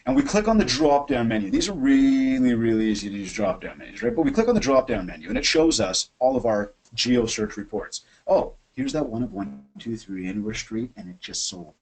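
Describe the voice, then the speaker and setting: A man hosting a webinar from his office, coaching sales in an energetic, chatty way and acting out phone calls. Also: mid-range voice, brisk, hardly any pauses, poor audio. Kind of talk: animated software demo and sales coaching.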